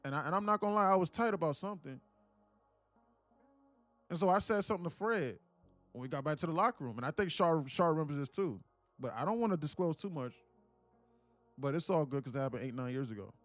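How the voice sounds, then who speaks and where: A man's voice: fairly high pitch, quick pace, long pauses, dry recording, soft background music. A man in his late twenties telling a story in a casual, profane, slangy way to a live stream chat. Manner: profane, slangy, animated retelling. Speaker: live-streaming day trader.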